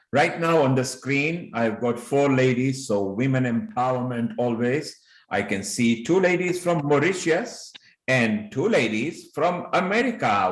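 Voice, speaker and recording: A man hosting a live online show over a video call, greeting and praising his guests with effusive compliments. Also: mid-range voice. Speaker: host. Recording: echoey room on video call.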